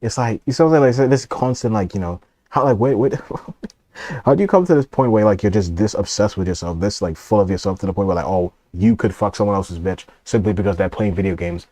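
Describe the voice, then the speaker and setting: Fast-talking deep-voiced male streamer. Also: mellow, no room sound. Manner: rambling, profane, laughs often. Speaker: streamer reacting to a video. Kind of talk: casual reaction stream.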